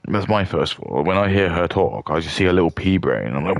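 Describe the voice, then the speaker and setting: Very deep, gravelly man. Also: animated, a little fast. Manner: rambling, crude, with many restarts and fillers. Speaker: streamer. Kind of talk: mock rant commentary.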